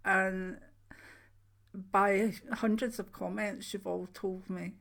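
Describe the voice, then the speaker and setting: An older woman with a soft Scottish accent, chatting casually to her channel viewers, rambling with frequent ums and restarts. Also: medium pitch, level tone, slow pace, gravelly. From Scotland. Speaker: channel host, retired clairvoyant. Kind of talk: casual chat to camera.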